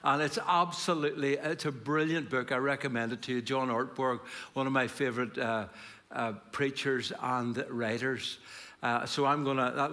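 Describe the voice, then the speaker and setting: A middle-aged Northern Irish man preaching from the pulpit. His voice is bright and forward, pitched around the middle. He talks in a chatty way, with joking asides, then reads scripture steadily. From Northern Ireland. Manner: warm, chatty, self-deprecating asides. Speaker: guest preacher. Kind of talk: sermon with humor and scripture reading.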